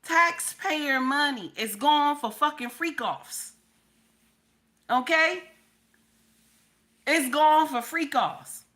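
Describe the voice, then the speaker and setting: A high-voiced woman hosts a livestream. She has a cold and coughs between sassy, repetitive, profane remarks. Her voice is bright and sharp. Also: very slow, long pauses. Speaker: commentary host. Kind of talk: livestream commentary.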